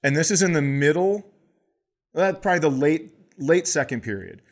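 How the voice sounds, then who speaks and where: A podcast co-host, male, spins a comic anecdote in an easy, chatty voice. He jumps into other people's voices mid-sentence, pitching up for the quotes, then drops back to his plain telling. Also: normal speed. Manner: animated storyteller acting out quoted people. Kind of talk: casual comedic storytelling.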